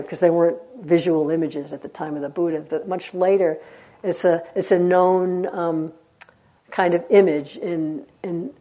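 A woman meditation teacher giving a dharma talk, telling stories in a conversational way with frequent laughter. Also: lowish voice. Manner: warm conversational storytelling, laughs often.

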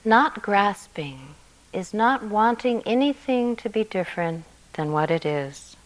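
A woman meditation teacher giving a gentle, reflective dharma talk, often trailing off softly at the ends of phrases. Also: medium pitch, lively intonation, measured pace, rough recording. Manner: gentle and reflective, soft endings.

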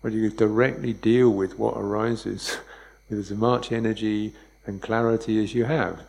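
A man giving a dharma talk as a meditation teacher, speaking in a relaxed, conversational way and chuckling often. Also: lowish voice, moderate pace, vocal fry, low-quality recording.

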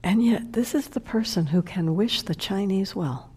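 A woman's voice: mid-range voice, normal speed, dark tone, slightly rough. A middle-aged woman, a meditation teacher, telling a heartfelt personal story in a dharma talk and sometimes dropping to a whisper.

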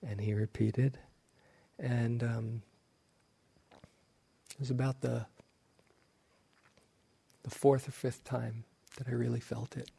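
Slow-spoken man giving a dharma talk. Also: mid-range voice, flat delivery, gravelly, breathy edge. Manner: slow, gentle storytelling with soft laughs. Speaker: meditation teacher.

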